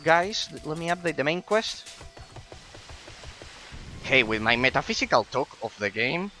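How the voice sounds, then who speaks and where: A man streams a game and muses over its design, his talk full of "uh"s and restarts. His voice is bright and clear. A faint room hum sits behind him. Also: on the high side, sing-song, a little slow, poor audio. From Italy. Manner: musing, analytical, with many fillers. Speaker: gaming streamer. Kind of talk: let's-play commentary.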